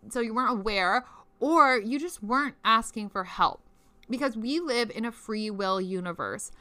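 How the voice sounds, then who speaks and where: A woman's voice: on the high side, normal speed, pushed and bright, dry recording. A young woman teaching spiritual practice in a chatty, casual way, swearing freely and laughing often.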